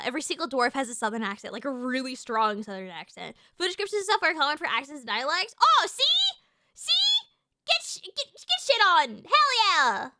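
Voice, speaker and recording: A woman streamer chatting casually with her live chat, excitable and swearing freely, with lots of fillers and restarts. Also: sits high, noisy background.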